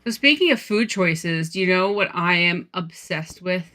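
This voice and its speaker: Bright-voiced giggly woman podcaster. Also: lowish voice, moderate pace. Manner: gushing, giggly storyteller. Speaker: podcast co-host. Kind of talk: casual chat.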